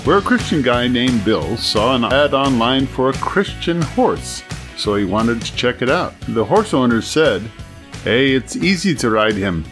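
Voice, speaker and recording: A man's voice: mid-range voice, expressive, unhurried, over music. A middle-aged man hosting a Christian podcast, telling a joke and praying aloud in a folksy, earnest way. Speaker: podcast host. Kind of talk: religious podcast talk with a told joke.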